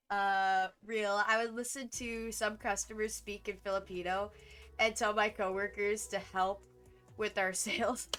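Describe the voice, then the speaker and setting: A woman's voice: on the high side, pushed and bright, clear, resonant tone. A young adult woman streamer chatting casually, rambling with lots of fillers and laughs. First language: English. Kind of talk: casual chat while drawing. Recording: light music playing behind.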